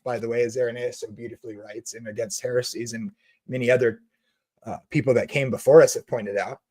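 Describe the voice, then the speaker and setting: A man's voice: a little high, a little mellow. A man hosting a Christian video, ranting with passion and sarcasm about theology, then reading comments.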